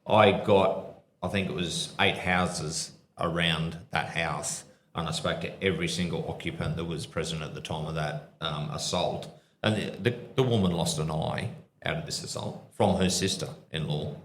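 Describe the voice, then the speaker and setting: A man's voice: low-pitched, steady tone, moderate pace, echoey room, a little hiss or hum. A man, a former police officer and podcast co-host, telling stories at a live show with a rambling, restarting manner. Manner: rambling, restarts, drops into quoted voices. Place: pub venue with live audience.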